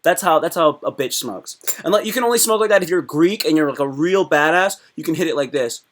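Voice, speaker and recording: A young man hosting a casual live stream, rambling and excitable as he answers chat questions, swearing often. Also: on the high side, fairly quick.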